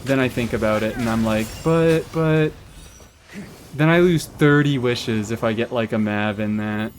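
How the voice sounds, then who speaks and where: A man's voice: fairly low pitch, steady tone, normal speed, a little hiss or hum. A man live-streaming a game, chatting casually and answering chat, swearing freely as he talks. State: has hiccups.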